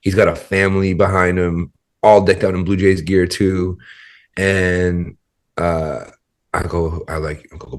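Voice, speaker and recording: A man's voice: deep voice, level tone, moderate pace. A man as a podcast guest, telling a story in a rambling, casual way full of fillers and restarts.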